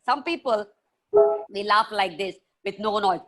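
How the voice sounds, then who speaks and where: A woman telling stories to children on a video call, playful and animated, full of sound effects. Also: medium pitch, unhurried, soft background music. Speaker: children's storyteller and author. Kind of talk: live storytelling session for children.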